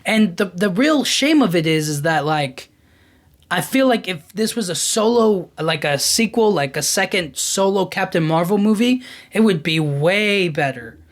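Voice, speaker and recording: A man hosting a podcast, giving a casual, animated film-review rant full of "like" and "you know what I mean". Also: high-pitched, unhurried. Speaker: podcast host.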